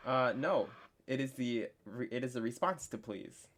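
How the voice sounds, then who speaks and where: A young man teaching a casual online French lesson, chatty and full of fillers, slowing down to spell out words. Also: medium pitch.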